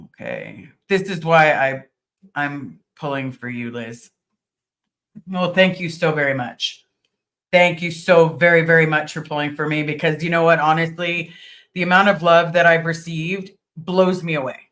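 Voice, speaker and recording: A middle-aged woman chats casually on her livestream, reading viewer comments aloud and answering them one by one. Her tone is bright and clear, earnest and thankful, with plenty of ums and small restarts. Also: low-pitched, fairly even intonation, measured pace. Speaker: livestream host.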